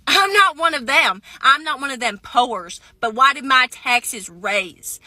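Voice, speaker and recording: A woman's voice: mid-range voice, bright, forceful tone, dry recording. Woman playing a confused, entitled farmer voter. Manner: mock-earnest, whiny complaining. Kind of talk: satirical character monologue.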